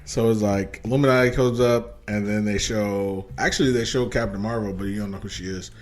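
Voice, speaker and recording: A man's voice: on the low side, steady tone, a little fast. A man co-hosting a casual movie review podcast, swearing and acting out his own reactions. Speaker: podcast co-host. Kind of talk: casual chat.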